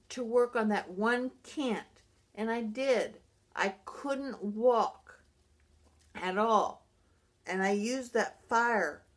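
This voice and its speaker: In a personal vlog, a middle-aged woman who survived a brain injury speaks earnestly about her recovery. Her voice is a little high, and she talks haltingly, frequently starting her sentences over.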